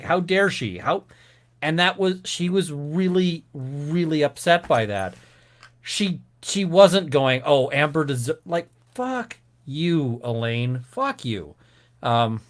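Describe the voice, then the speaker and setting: A man co-hosting a casual live-stream chat, ranting and swearing a lot. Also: fairly high pitch. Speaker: co-host.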